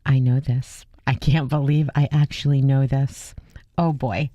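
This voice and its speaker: A woman's voice: very deep voice, level tone, measured pace, warm tone, dry recording. A woman with a Brooklyn accent co-hosts a casual radio chat. She answers with skeptical, wry banter, and the studio sound is dry and close. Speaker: radio co-host.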